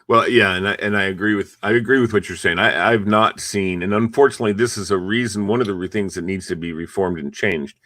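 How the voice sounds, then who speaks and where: A man's voice: fairly low pitch, fast talker, hardly any pauses, sharp tone, dry recording. A male host chatting in an interview and telling rambling anecdotes. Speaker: show host. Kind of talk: conversational interview.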